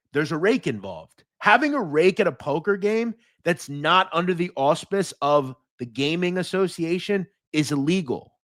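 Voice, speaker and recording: American man, podcast host on a live stream, pitch a touch high and all over the place, blunt and profane, dry close mic. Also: no room sound. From United States. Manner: animated, profane, quick swings between explaining and taunting. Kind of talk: live-stream commentary, answering chat.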